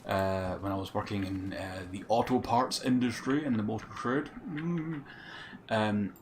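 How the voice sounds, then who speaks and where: A man's voice: on the low side, a little slow, a little hiss or hum. A man chatting casually on a live game stream, rambling and swearing as he talks to viewers.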